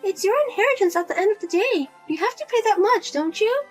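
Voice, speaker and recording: A nagging, guilt-tripping older mother, voiced by a woman, with a very high voice that swoops up and down as she whines and wheedles. Faint music plays behind her in this narrated drama. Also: lively intonation, fast talker. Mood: self-pitying. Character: spendthrift widowed mother, pushy and self-pitying.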